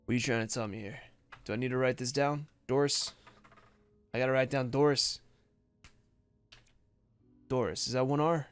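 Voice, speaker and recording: A man's voice: mid-range voice, fairly even intonation, moderate pace, long pauses, clear, resonant tone, faint music behind. Swearing man reading game letters. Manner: profane, blunt, reacting with frustration. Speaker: let's play gamer. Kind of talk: casual gameplay commentary and reading game text aloud. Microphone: desk microphone.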